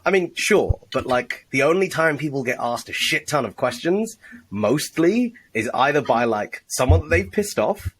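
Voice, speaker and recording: A man's voice: mid-range voice, expressive, normal speed, a bit bright, slightly rough, poor audio. A man co-hosting a casual sales chat, explaining techniques with blunt, profane emphasis. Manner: profane, emphatic, teaching with examples. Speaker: sales trainer, co-host.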